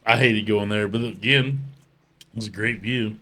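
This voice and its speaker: A man's voice: lowish voice, fairly even intonation, moderate pace, sharp tone. Profane rambling man telling stories. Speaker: podcast host. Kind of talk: casual chat, storytelling.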